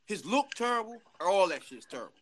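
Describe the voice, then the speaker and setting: A man telling a story in casual chat, animated and laughing, full of slang. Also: high voice, fairly quick.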